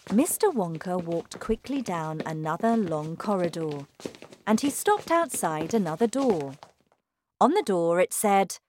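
A woman narrating a children's storybook in a slow, careful, expressive read. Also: lowish voice, slight background noise.

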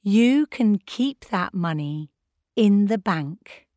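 A woman's voice: medium pitch, lively intonation, slow, dark tone, no echo, clean studio sound. A woman voicing a firm, sensible adult guardian who speaks reasonably.

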